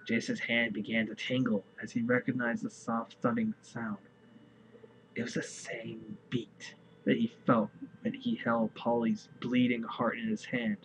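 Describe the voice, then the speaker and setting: A man playing a horror game, reading a grim story aloud slowly and dramatically, with loud chanted heartbeat sounds, then chatting casually. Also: medium pitch, fairly even intonation, lo-fi sound, slight background noise. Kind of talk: casual let's play commentary with story reading.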